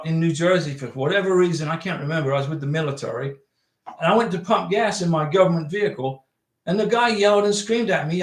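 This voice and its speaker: A man's voice: sits high, reverberant. A man hosting a casual livestream, chatting folksily, reading viewer messages aloud and giving direct advice.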